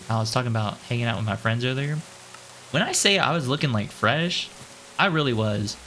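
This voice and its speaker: A man casually commenting on his own gameplay, chatty and playful, thinking out loud and jumping up in pitch when excited. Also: brisk, slight background noise. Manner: chatty and playful, calls himself "your boy". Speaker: gaming channel host.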